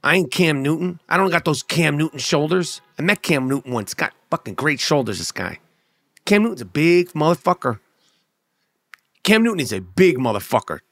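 A middle-aged man tells a rambling comic story in a brash, boastful way, with a fair amount of cussing. His voice sits a bit higher than most men's. The sound is dry and close, with no room echo. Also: sing-song, moderate pace, fairly bright tone. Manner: brash, boastful, rambling riffs with heavy swearing. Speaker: comedian telling a story.

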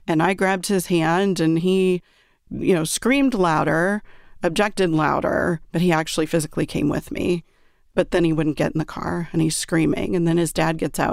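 A woman's voice: fairly low pitch, vocal fry, a little mellow, no echo, studio quality. A woman, a parent, earnestly telling a personal story and often checking in with "right?". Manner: earnest, reflective, frequent "right?" check-ins.

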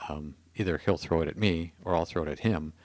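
A man's voice: a bass voice, brisk, a little mellow, no room sound. A Canadian man in his thirties, a podcast guest telling a story in a hesitant, self-mocking way. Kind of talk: casual storytelling.

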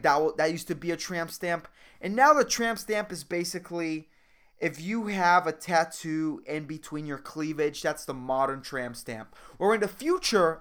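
A young man hosting a solo podcast, telling a story in a casual, excitable way, swearing a lot and calling the listener dude. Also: a little high. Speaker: podcast host.

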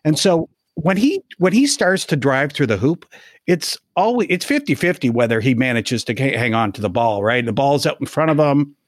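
A man's voice: mid-range voice, lively intonation, dry recording, studio quality. Hesitant man musing on sports. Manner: measured, hesitant, thinks aloud with restarts. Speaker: podcast co-host. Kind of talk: casual sports podcast chat.

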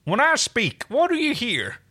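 A man reading a fan story aloud, voicing an excitable, curious human astronaut with an eager, pleading delivery. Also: very high-pitched, measured pace, breathy edge, pitched above the performer's own voice, exaggerated voice.

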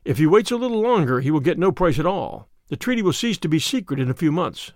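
A man's voice: fairly high pitch, big pitch swings, fast, a little mellow, no room sound, studio quality. A man reading the part of a dignified, wry statesman in an audiobook, formal in manner.

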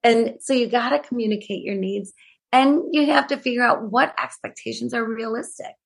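A woman's voice: on the high side, moderate pace, vocal fry, breathy edge. A middle-aged woman who is a guest author, telling personal stories in a casual interview with frequent "you know"s.

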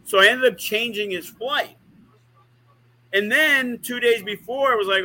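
A man's voice: very high-pitched, a little slow, bright, forceful tone, rough recording. A man who is a wrestling promoter, telling rambling, profane stories in a casual podcast chat. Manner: profane, rambling, uses lots of fillers.

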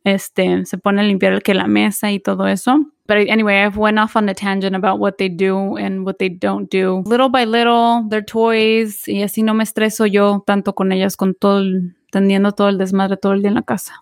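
A woman's voice: mid-range voice, little pitch movement, fairly quick, creaky, hardly any pauses, no room sound, clean studio sound. A woman co-hosting a podcast, rambling casually and switching between Spanish and English. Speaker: podcast co-host. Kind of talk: casual chat.

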